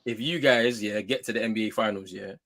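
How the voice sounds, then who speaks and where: A young British man trades jabs on a casual sports show. His voice is bright and forceful, and he teases in easy, slangy banter. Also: on the low side, fairly quick, rough recording. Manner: teasing, laddish banter. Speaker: co-host.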